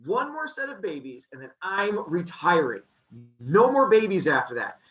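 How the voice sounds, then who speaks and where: A bossy, grumpy sky-god father lays down the law in a raised, lively voice, as a man plays him in a told myth. The recording is dull and lo-fi. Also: high voice, normal speed. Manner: exaggerated, grumpy dad voice.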